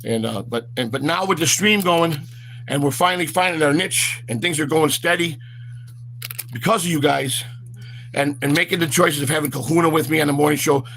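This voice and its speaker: A man's voice: a little high, fairly quick, vocal fry, a bit bright, slight background noise. A man hosting a walk-and-talk vlog outdoors, rambling with lots of fillers and stammered repeats, recorded on a handheld phone. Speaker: vlog host.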